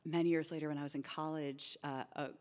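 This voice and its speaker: A middle-aged woman, a guest in a casual podcast conversation, telling animated, self-deprecating stories. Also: sits low, quick pace, in a large hall.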